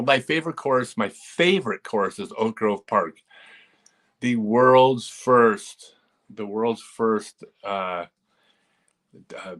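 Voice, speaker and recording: Animated man telling stories on a live stream. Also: lowish voice. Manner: animated storyteller who chuckles and acts out quotes. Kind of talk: casual live-stream storytelling.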